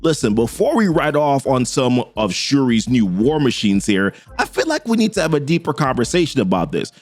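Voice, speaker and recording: A man's voice: mid-range voice, very animated, normal speed. A man reading a reserved, formal king. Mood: earnest.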